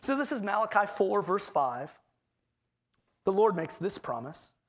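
A man preaching a sermon as pastor, expressive, acting out quoted voices with swings in pitch. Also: unhurried.

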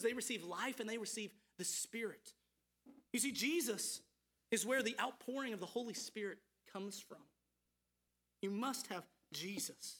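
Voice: mid-range voice, fairly bright tone, slightly rough. Earnest preacher asking searching questions. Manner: earnest, repeated rhetorical questions to listeners. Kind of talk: sermon.

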